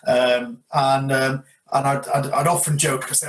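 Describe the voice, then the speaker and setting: A man's voice: mid-range voice, moderate pace, few pauses. English male co-host, easygoing anecdote teller, plain mid voice. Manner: relaxed, storytelling with fillers. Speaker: podcast co-host. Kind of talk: casual storytelling chat.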